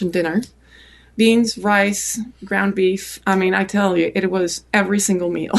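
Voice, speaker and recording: A middle-aged woman from France with a French accent, telling stories as an interview guest, lively and full of fillers and restarts. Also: medium pitch, creaky. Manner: animated storyteller, many fillers and restarts. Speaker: photographer guest. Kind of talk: storytelling interview.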